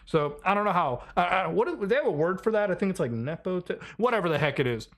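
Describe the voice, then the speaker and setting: A man's voice: high voice, sing-song, quick pace, fairly bright tone. A man on a casual podcast, explaining his frustration in long, rambling sentences full of "like" and "you know". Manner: rambling, frustrated, lots of fillers.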